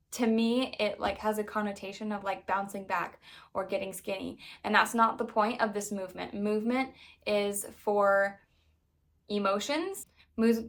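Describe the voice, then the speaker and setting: A woman in her thirties chatting candidly to camera as a mom vlogger, full of "like" fillers and sudden lively jumps when excited. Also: mid-range voice. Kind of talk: casual chat to camera.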